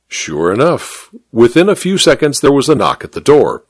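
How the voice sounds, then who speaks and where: A man reads a story aloud with a lively, expressive voice that rises and falls freely. The recording is close and dry, with no room sound. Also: medium pitch, moderate pace, few pauses, breathy edge, no echo. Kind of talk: scripted narration.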